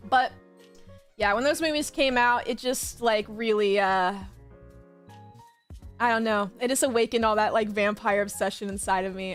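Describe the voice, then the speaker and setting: A woman in her twenties chatting casually on a livestream, gushing and chatty, full of fillers and quick laughs. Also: medium pitch, clean tone, faint music behind. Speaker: streamer.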